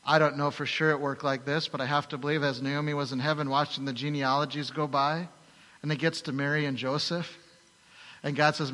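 A pastor preaches, a man telling a story with animation and rhetorical questions. His voice is bright and a little high. A long reverb fills the large church hall around him. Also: level tone, fast talker. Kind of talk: sermon.

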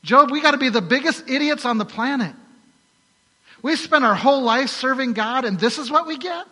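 A man's voice: extremely high pitch, expressive, moderate pace, pushed and bright, voice pushed up, full character voice. A man voicing Job's bitter wife, who scolds her husband sarcastically. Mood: exasperated. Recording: long hall reverb.

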